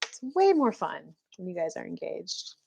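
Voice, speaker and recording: A woman's voice: lowish voice, big pitch swings, moderate pace, creaky, a little mellow, slight background noise. A woman giving a casual, chatty live-stream card reading as a spiritual coach, full of fillers and little acted-out quotes.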